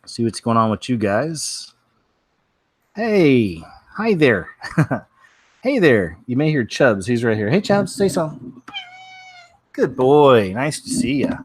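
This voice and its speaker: A man's voice: medium pitch, big pitch swings, takes it slowly, long pauses, breathy edge. A man hosting a casual weekly news show, wry and offhand, with many fillers.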